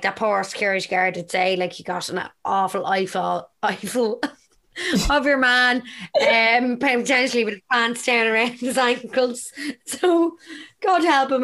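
A young woman reacting in casual chat, laughing and expressive. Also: mid-range voice, normal speed. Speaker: podcast co-host.

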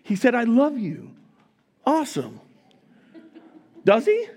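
High-voiced playful preaching man. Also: huge pitch swings, takes it slowly, a little mellow, breathy edge. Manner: playful, teasing congregation members, laughing often. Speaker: pastor. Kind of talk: live sermon with audience interaction. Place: church sanctuary.

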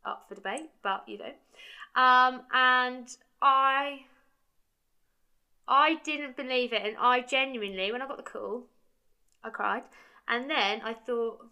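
A woman's voice: high-pitched, slow pace, long pauses, clear, resonant tone, highs cut off. A young woman in her twenties telling a casual story, chatty, quoting her own conversations and saying "like" a lot. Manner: chatty, quotes her own dialogue, heavy use of "like". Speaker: brand founder.

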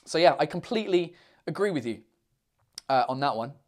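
A man's voice: on the high side, expressive, a little fast. A man hosting a casual live stream, rambling bluntly with lots of fillers and the odd swear while answering viewer questions.

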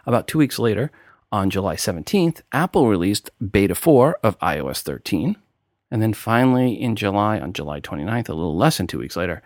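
A man's voice: low voice, dry recording, clean studio sound. A man hosting a tech podcast with a New York accent, talking casually and explaining steps one by one. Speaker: podcast host.

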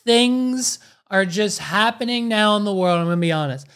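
A woman co-hosting a podcast, reacting to a clip in an animated, joking way and recapping it quickly. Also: mid-range voice. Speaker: podcast co-host. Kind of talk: casual podcast reaction commentary.

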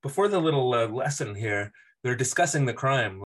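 A man's voice: mid-range voice, lively intonation, moderate pace, a bit bright. A man co-hosting a casual podcast, recapping episodes and laughing often as he mimics characters. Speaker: podcast co-host.

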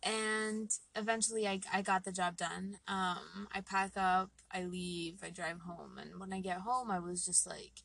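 A young woman in casual chat, telling a story with many fillers and animated retellings. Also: mid-range voice, measured pace, gravelly, few pauses.

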